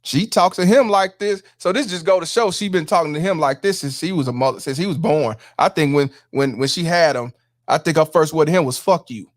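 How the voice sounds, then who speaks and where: A man hosts a livestream, talking in a fairly high voice. He swears freely and hammers his points home by repeating them. He stops to shout out viewers. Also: fast talker. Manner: profane, emphatic, repeats himself for effect. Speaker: livestream commentary host. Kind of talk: live-streamed commentary with viewer shout-outs.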